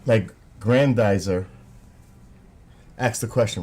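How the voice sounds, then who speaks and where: Chatty New York man, a bit low. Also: lively intonation, a little slow, a little mellow. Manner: rambling, chatty, talks to viewers. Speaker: live streamer. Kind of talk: casual live-stream chat.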